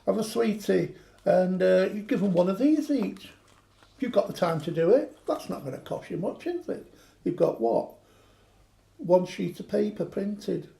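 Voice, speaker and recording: A man's voice: sits high, sing-song, moderate pace, vocal fry, mellow. A man chatting through a craft demonstration, joking and poking fun at himself. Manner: joking, self-mocking banter.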